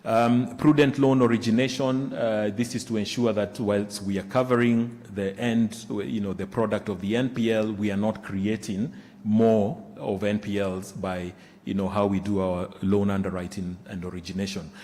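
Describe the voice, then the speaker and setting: A man walks through financial results in a somewhat low voice. He pauses often, restarts phrases and fills gaps with "uh" and "um." The sound carries the long reverb of a large conference hall. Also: little pitch movement, a little mellow. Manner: halting, many fillers and restarts. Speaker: bank executive presenting results. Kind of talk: results presentation. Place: conference room.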